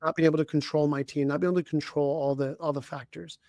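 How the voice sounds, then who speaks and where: With a level, slightly mellow tone, a leadership coach and podcast co-host shares a personal story in a voice a bit higher than most men's. He keeps clearing his throat, talks haltingly and restarts often, recorded dry and close with no room echo.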